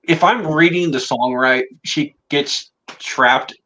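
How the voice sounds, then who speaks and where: Man, podcast host, bright voice, fairly high, casual banter, laughs. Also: slow, poor audio. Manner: laughing, hesitant, calls on others to vote. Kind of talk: casual group podcast chat.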